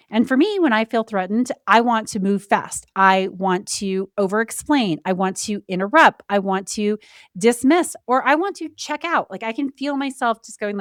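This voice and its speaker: A woman hosts a solo podcast, speaking in an earnest, reflective voice of middling pitch. She often slows right down and leaves pauses to land a point. The sound is dry and close, with no room echo. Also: animated, fairly bright tone. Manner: candid and emotional, with brief laughs. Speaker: podcast host.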